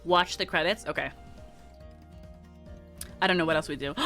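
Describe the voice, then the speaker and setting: A woman's voice: sits low, moderate pace, faint music behind. Woman streamer reading a game aloud. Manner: animated, laughs often, voices game lines. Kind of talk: reading a visual novel aloud and chatting.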